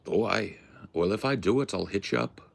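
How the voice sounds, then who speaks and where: A man with a very low voice full of heavy vocal fry, hosting a livestream. He chats casually and rambles in slangy, profane asides to his viewers. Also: normal speed. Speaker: livestream host. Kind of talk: casual chat with a live chat.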